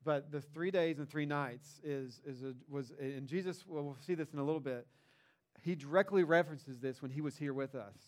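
A young man preaching in a casual, conversational way, retelling a Bible story and rising in pitch and volume when he stresses a point. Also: normal speed. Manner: conversational and animated, rises in pitch and volume for emphasis. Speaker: pastor.

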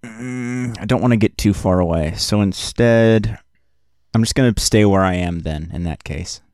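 An eager man talks through his turn in a tabletop game. His voice sits a bit low and sounds dry and close to the mic. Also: moderate pace, a little mellow, dry recording. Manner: eager, reads rules aloud, counts dice. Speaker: player.

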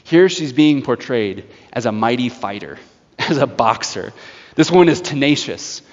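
A man preaching a sermon, telling a story in a lively way with laughs and acted-out voices. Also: mid-range voice, measured pace. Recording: dull sound with long hall reverb.

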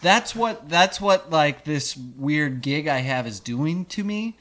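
A man co-hosting a podcast, telling animated comic stories in casual chat and swearing for laughs. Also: fairly high pitch, takes it slowly.

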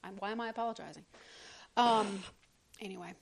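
A middle-aged woman co-hosting a podcast, reading listener emails aloud in casual, animated chat with frequent laughs. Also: medium pitch, brisk, vocal fry, slightly rough. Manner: animated, laughs often, trails off. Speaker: podcast co-host.

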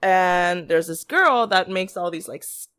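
A woman's voice: on the low side, expressive, measured pace, fairly bright tone, no echo, clean studio sound. A woman co-hosting a podcast, chatting casually with a giggly, rambling way of talking full of "like". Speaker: podcast co-host. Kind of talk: casual gossip chat.

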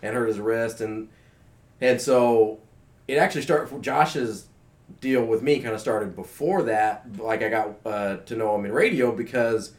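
A man's voice: lowish voice, unhurried. A man, co-hosting a casual sports chat, rambling with lots of fillers as an eager fan. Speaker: podcast co-host.

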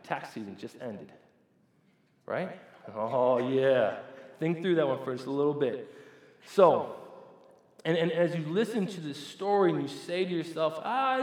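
Male pastor, sermon storytelling, stammering restarts, slightly high voice, reverberant church hall. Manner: animated, stammering restarts, swings between loud and hushed.

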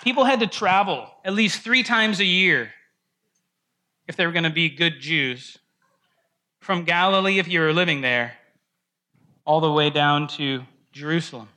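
A man's voice: fairly high pitch, unhurried, long pauses, pushed and bright. A man teaching an informal Bible study class in a church room, talking conversationally, often asking the group questions and restarting his phrases.

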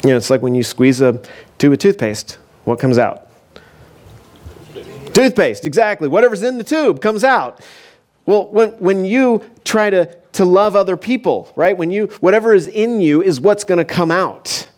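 A male pastor with a voice pitched a little above the usual delivers a sermon in an easygoing, conversational way. He tells his story loosely, stopping often for asides and little fillers as he goes. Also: expressive, moderate pace, a little mellow. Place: church.

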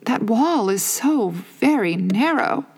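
A woman reading a storybook aloud, raising her voice to play a polite, gentle young girl. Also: lively intonation, slow, creaky, full character voice. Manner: polite, gentle, bright and higher.

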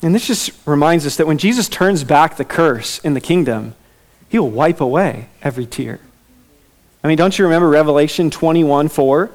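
A man preaching a sermon in a relaxed, conversational way, with casual fillers and asides. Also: a little high, normal speed. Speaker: pastor.

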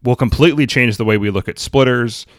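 A man co-hosting a podcast, giving measured opinions in a casual car chat. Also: mid-range voice, dry recording, studio quality. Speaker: podcast co-host.

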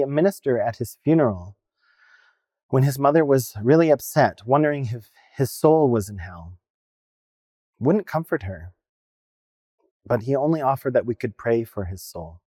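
A man's voice: mid-range voice, dark tone, dry recording, studio quality. A non-binary minister with a male-sounding voice, preaching a personal sermon in an earnest, reflective storytelling way.

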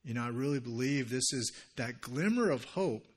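A man preaching a sermon in an earnest, conversational way, dropping into hushed, intimate passages. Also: mid-range voice, animated, moderate pace. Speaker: pastor.

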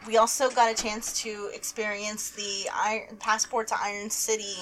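A woman's voice: medium pitch, little pitch movement, normal speed, fairly bright tone, a little hiss or hum. A woman co-hosting a podcast, chatting casually and steering the conversation. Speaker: podcast co-host. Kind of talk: casual chat.

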